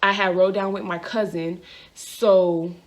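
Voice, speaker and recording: A woman's voice: on the low side, steady tone, measured pace. Young woman rambling through a story. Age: young adult. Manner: rambling, repeats herself with filler "like". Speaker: vlogger. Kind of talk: storytime monologue.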